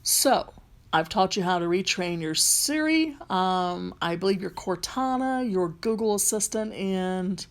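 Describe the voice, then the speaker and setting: A woman's voice: mid-range voice, animated, unhurried. A woman with a light Southern accent, a rideshare driver and vlogger, talking casually through a phone tutorial, rambling with frequent ums and restarts.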